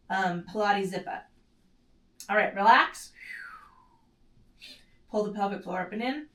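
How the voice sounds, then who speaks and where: A woman's voice: medium pitch, a bit bright, distant mic. A woman teaching a mat pilates class in a casual, self-correcting way, breathing in short strained breaths as she does the moves herself. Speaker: pilates instructor. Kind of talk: guided exercise instruction. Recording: echoey room, set back from the mic.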